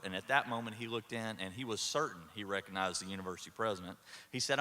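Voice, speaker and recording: A man's voice: on the low side, fast, pushed and bright. A man delivering a humorous commencement keynote from a podium, telling a story in a folksy way with dry humor. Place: large ceremony hall. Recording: echoey hall.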